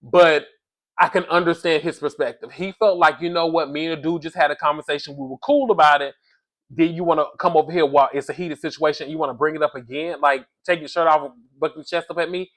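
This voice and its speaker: A man giving a casual, animated recap of a reality show, talking straight to his viewers and often adding "allegedly". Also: a little high, quick pace. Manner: animated, talks to the audience as "y'all", says "allegedly" often. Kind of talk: casual commentary.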